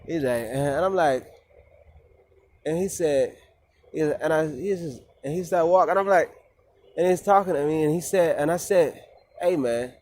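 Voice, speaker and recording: A man's voice: fairly high pitch, moderate pace, pauses often, darkish tone, slight background noise. A man in a rambling, profane casual monologue who often repeats himself and restarts. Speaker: vlogger.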